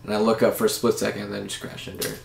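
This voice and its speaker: A man's voice: on the low side, monotone, rapid-fire, gravelly, slight background noise. A young man who grew up in Japan, a podcast guest talking in loose, profane, laughing banter. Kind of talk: casual podcast chat. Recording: echoey room.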